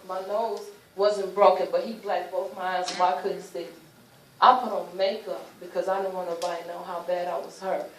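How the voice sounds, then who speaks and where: Woman, personal testimony, informal animated storytelling, mid-range voice, echoey room. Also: medium pitch. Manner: animated storytelling, acting out quoted speech; informal vernacular speech. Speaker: speaker sharing a personal testimony. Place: luncheon event room. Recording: roomy, distant mic, faint ambience.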